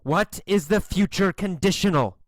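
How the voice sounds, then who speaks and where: A man's voice: sits high, normal speed, no room sound, lightly acted. A man voicing a cruel, stern male English teacher in a spoken story for learners. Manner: stern, threatening.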